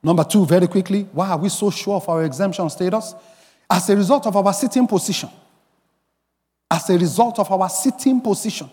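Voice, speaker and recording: Man, high-pitched pastor preaching in a church hall with long reverb; emphatic, breaks into song and shouts. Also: fairly quick. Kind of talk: sermon.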